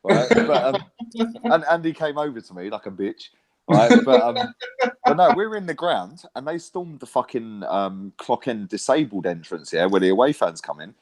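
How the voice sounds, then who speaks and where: A man telling animated, swear-filled football stories in a casual chat, tagging lines with "right?" and "mate". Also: mid-range voice, moderate pace. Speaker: co-host, football fan pundit.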